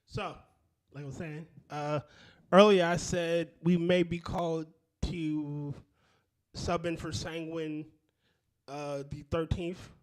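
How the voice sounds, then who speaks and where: A man with a slightly higher voice hosts a casual podcast chat. He swears freely and runs through the schedule at an easy clip. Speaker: podcast host.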